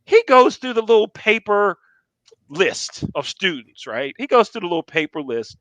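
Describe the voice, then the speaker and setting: A man telling personal stories in casual talk, animated and repeating phrases for emphasis. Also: sits high, moderate pace, no room sound. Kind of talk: casual storytelling.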